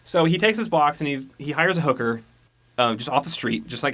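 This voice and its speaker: A man's voice: medium pitch, a little fast, a bit bright. Rambling man recapping a movie. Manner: rambling storyteller, acts out characters' lines. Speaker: podcast co-host. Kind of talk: casual movie recap chat.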